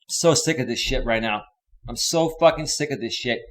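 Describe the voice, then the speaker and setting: A man's voice: mid-range voice, fairly quick, fairly bright tone. A man hosting a live stream, swearing constantly and talking straight to his chat viewers. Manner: speaks directly to chat viewers by name. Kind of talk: angry live stream rant.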